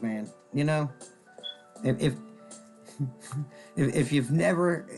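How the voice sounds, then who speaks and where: A man hosting a card-selling stream, rambling and joking as he shows cards and greets viewers by name. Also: mid-range voice. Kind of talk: casual rambling chat while showing cards.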